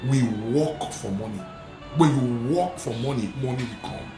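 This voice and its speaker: A man who is a Nigerian Catholic priest, preaching emphatically and repeating lines, slipping into pidgin and shouting at the peaks. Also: medium pitch, expressive, normal speed, echoey room, over music. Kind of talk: preaching sermon. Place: studio.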